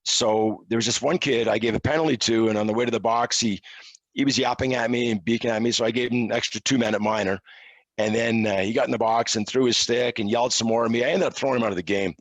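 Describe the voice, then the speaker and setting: A middle-aged man from Quebec, a podcast guest telling casual, self-deprecating stories in a relaxed way. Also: mid-range voice, quick pace, no echo. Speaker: interview guest, hockey officiating analyst. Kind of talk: casual storytelling.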